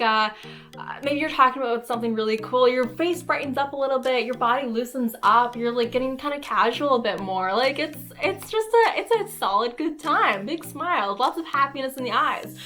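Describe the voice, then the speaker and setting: A woman's voice: high voice, pushed and bright. A woman hosting a casual cosplay tutorial, talking to the camera in a playful, goofy way and acting out expressions.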